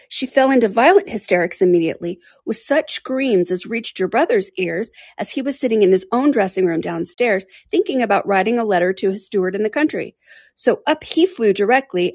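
A woman's voice: medium pitch, darkish tone, slightly rough, no echo, clean studio sound. A woman reading aloud, voicing a garrulous, gossiping older woman in an audiobook. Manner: breathless chatty gossip, exclaiming often. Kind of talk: audiobook character voice.

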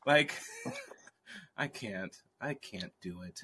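A man's voice: lowish voice, animated, slow pace, sharp tone, a little hiss or hum. A man co-hosting a casual comedy podcast, rambling and giggling in a self-mocking way. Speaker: podcast co-host.

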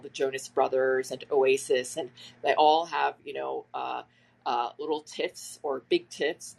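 Podcast host, easygoing and chatty, with a gravelly fry and a husky edge. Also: mid-range voice, low-quality recording. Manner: conversational, loose and chatty. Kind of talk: casual spoken commentary.

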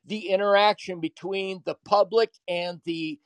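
A man's voice: high-pitched, steady tone, measured pace, dry recording. A man calling in to a podcast and arguing with the host. He talks in a casual, slangy way and keeps cutting in. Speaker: caller. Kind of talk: heated call-in argument.

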